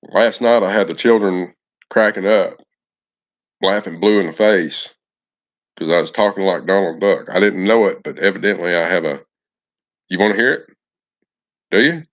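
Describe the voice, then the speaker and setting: A man's voice: sits low, moderate pace, pauses often, lo-fi sound. A man chatting on a casual live stream, folksy and affectionate, greeting viewers by name.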